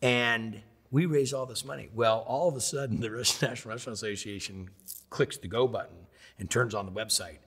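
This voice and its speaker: A man in his fifties from the United States, telling stories in a lively sit-down interview and acting out the quotes. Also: mid-range voice, a little fast, husky, in a large hall. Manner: animated storyteller who acts out quotes. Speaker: interview guest, chef.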